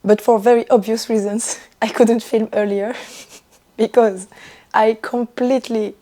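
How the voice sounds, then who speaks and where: A young woman vlogging about knitting in casual chat, her voice hoarse and broken from losing it, laughing often as she talks. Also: fairly high pitch, level tone, a little slow, dark tone. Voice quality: rough, broken voice. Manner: laughs often, chatty and self-mocking. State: hoarse, lost voice.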